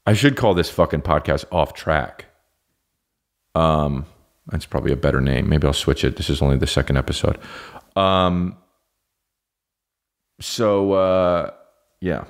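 A man's voice: rumbling low, measured pace, pauses often. A man hosting a podcast, rambling through a profane, self-mocking comedic monologue that keeps going off track. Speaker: podcast host.

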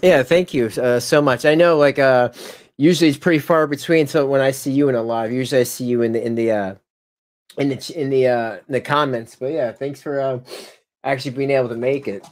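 Male streamer, halting, lots of uh, wry asides, mid-pitched voice. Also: fairly even intonation. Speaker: commentary channel host. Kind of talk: live stream commentary.

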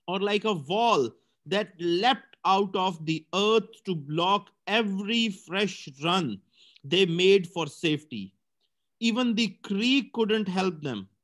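A male teacher reading a story aloud for a comprehension lesson, stumbling now and then and correcting himself. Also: high-pitched.

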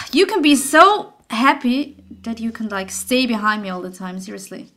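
A woman's voice: a little high, very animated, moderate pace, bright, forceful tone. A young woman commenting on a horror game as she plays, easily startled, swearing and laughing nervously. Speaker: gaming channel host. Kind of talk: let's play commentary.

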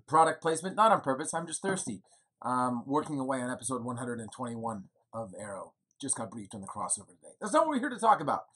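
A man's voice: mid-range voice, sing-song, fast, fairly bright tone, husky. A man in his thirties giving a chatty, rambling video update from indoors, with fillers and self-deprecating jokes. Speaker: winery co-owner giving updates. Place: indoors at home in the evening.

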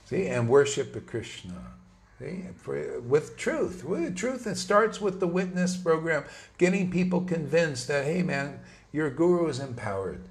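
A man's voice: on the high side, animated, a little slow. A man giving an informal, emphatic sermon to his followers, talking conversationally with slangy asides. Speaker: spiritual teacher.

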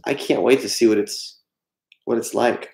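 This host's medium-pitched voice is steady and a bit creaky, moving at a moderate pace as he jokes about himself and answers messages from his livestream chat. Background noise carries through the echoey room.

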